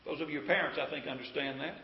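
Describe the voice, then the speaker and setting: A man's voice: a little high, quick pace, a little hiss or hum. A man preaching a sermon in an earnest, pleading way, often asking his listeners questions. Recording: roomy, dull lo-fi sound.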